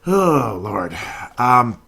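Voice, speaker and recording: A man's voice: mid-range voice, sing-song, drawn-out words, vocal fry, bright, forceful tone, breathy edge. Exasperated man ranting about basketball. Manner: exasperated ranting, sarcastic, laughs at himself. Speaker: sports podcast host. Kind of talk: solo sports commentary podcast.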